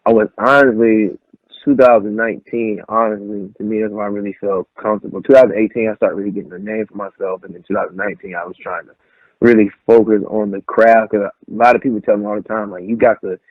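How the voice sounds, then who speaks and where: A man's voice: on the low side, quick pace, no echo. Young man on a tinny phone-like line. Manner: animated storyteller, acts out quotes. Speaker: pro wrestler, guest. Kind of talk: casual storytelling interview.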